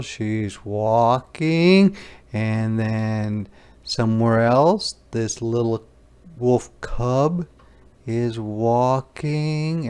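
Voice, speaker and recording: A man teacher reading a picture book aloud to young children, slow and gentle, asking them questions as he goes. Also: mid-range voice, smooth. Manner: slow, gentle, asks the listener questions, voices animal sounds.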